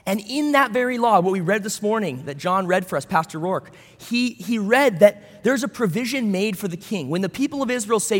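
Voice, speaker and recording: A man's voice: sits high, lively intonation, moderate pace, few pauses, a bit bright, in a large hall. A man pastor preaching a sermon in a conversational way, with storytelling asides.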